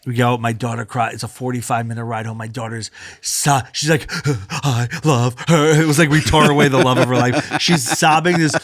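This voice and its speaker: A man in his thirties co-hosting a podcast, telling a long story in casual chat, animated, swearing freely and acting out what people said. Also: medium pitch, a little fast, no echo, studio quality. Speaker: podcast co-host.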